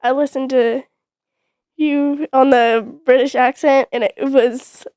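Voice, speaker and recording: A teenage girl guesting on a family podcast, matter-of-fact and a little reluctant. Her voice is high. The sound is dry. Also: fairly even intonation, takes it slowly, a little mellow, smooth, dry recording. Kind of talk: casual family chat.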